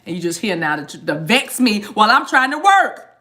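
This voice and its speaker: A woman's voice: mid-range voice, sing-song, normal speed, sharp tone. A woman hosting a tarot live stream, chatting casually and playfully with viewers in slang, joking and laughing often. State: eating a mint while talking.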